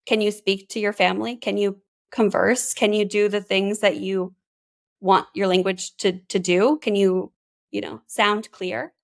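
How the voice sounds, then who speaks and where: A woman's voice: medium pitch, fairly even intonation, unhurried, gravelly. A woman from Canada, a bilingualism specialist, chatting as an interview guest with lots of "like" fillers and restarts. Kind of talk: casual interview chat.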